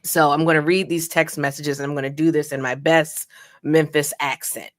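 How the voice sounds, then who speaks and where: A woman's voice: low-pitched, steady tone, moderate pace, dry recording, studio quality. A woman co-hosting a morning talk show, chatting casually and rambling with fillers. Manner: rambling, with fillers and self-corrections. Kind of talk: casual chat.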